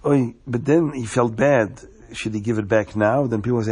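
A man telling a story, slowing down for suspense. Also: mid-range voice, a little mellow, slightly rough. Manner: slows down for suspense.

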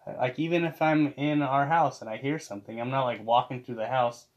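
A man co-hosting a casual chat that recaps a TV episode. He talks playfully and now and then acts out scenes in a high mock voice. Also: fairly even intonation, brisk, highs cut off. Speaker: podcast co-host.

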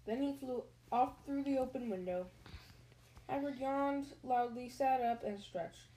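A woman's voice: sits high, mellow, rough recording. Casual woman reading a novel aloud. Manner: casual, pauses to chat and answer questions. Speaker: reader.

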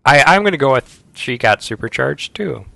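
Gravelly, enthusiastic podcast co-host man. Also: medium pitch, big pitch swings, normal speed, bright, forceful tone, no room sound. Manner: enthusiastic fan, playful sound effects. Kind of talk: casual chat.

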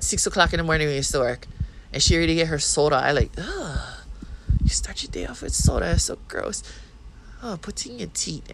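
A woman's voice: fairly low pitch, background noise. A woman in her thirties with a Hawaiian Pidgin accent, hosting a podcast in a blunt, profane, rambling monologue. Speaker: podcast host. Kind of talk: casual monologue.

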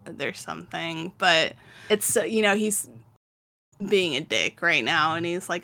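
A woman's voice: lowish voice, unhurried. A young woman in casual chat, animatedly retelling a manga story with lots of laughter and acted-out lines. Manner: animated storytelling, acts out characters' lines, frequent laughter and fillers. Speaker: podcast co-host recapping a manga.

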